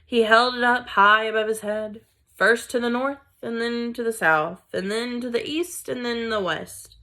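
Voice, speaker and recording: A woman reading a children's book aloud in a deliberate storytelling manner. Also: a little high, bright, forceful tone. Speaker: reader.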